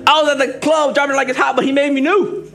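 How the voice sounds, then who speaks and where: A young man preaching a sermon as an assistant pastor, lively and joking, speeding up for asides and slowing down for emphasis. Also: very high-pitched, gravelly, music in the background. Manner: lively, joking, shifts between fast asides and slow emphatic lines.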